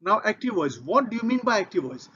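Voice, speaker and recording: Man, Indian English accent, grammar lesson, methodical, repeats points, fairly high voice, muffled lo-fi sound. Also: very animated, fast, pushed and bright, slightly rough. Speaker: English teacher. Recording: dull lo-fi audio.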